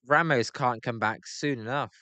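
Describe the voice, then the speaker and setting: British male streamer, casual play-by-play, smooth clear voice, dry close sound, gripes and chats with viewers. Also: medium pitch, moderate pace, pushed and bright, no echo. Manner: chatty, answers chat by name, grumbling. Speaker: live-stream host. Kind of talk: casual live play-by-play reaction.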